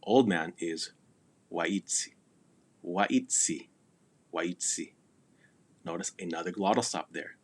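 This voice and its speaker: Man, deep low voice, slow unhurried delivery, patient language teacher, repeats words for practice. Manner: patient, repeats words slowly for pronunciation drills. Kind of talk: recorded language lesson review.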